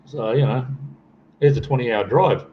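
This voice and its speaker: A man's voice: medium pitch, normal speed. Older australian guy joking around on a livestream, dull lo-fi sound, faint hiss. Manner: joking, blokey banter. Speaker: guest on a livestream. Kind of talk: casual chat.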